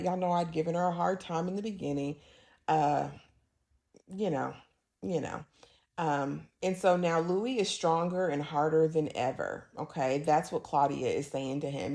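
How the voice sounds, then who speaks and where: Sassy woman recapping with a lowish voice. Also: normal speed. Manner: sassy, animated, acts out characters' lines. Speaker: host recapping a TV episode. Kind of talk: casual recap talk.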